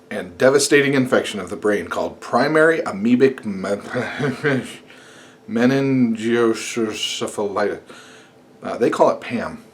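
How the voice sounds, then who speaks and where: A man's voice: medium pitch, expressive, unhurried, slight background noise. Rambling sarcastic man talking to camera. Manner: rambling, sarcastic, swears and jokes. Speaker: vlogger. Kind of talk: casual talk to camera. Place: home at night, at a table.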